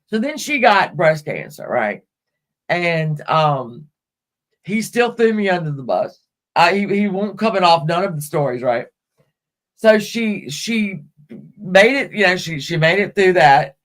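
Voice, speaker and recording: A woman's voice: lowish voice, sing-song, measured pace. A middle-aged woman hosting a live stream, telling rambling personal stories bluntly and with plenty of swearing. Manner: blunt and profane, rambling with restarts. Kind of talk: casual personal storytelling.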